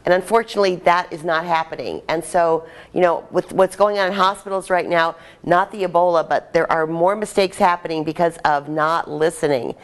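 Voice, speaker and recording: A woman's voice: fairly low pitch, steady tone, brisk, few pauses. A woman trainer leading a live workshop, chatty and upbeat as she directs a group in a room.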